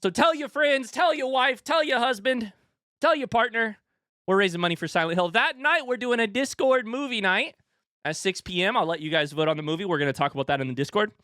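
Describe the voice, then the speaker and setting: Excited streamer, breathless and dry. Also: male voice, high voice, no room sound. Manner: excitable, hyped announcer delivery that shifts to quick casual asides. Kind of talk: live stream chat with viewers.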